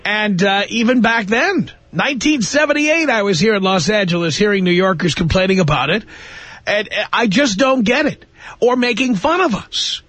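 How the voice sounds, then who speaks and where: A middle-aged man hosting a call-in radio show, blunt and sarcastic, quick to argue with callers. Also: high-pitched, animated, a bit bright, no echo. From New York area. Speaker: radio talk show host. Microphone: studio mic.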